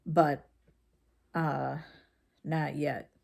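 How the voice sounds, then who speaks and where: Slow, gravelly-voiced mom telling a story. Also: female voice, low-pitched, level tone, a little mellow. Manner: slow, halting, with many fillers and restarts; frank and conversational. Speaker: mom vlogger. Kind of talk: casual personal storytelling.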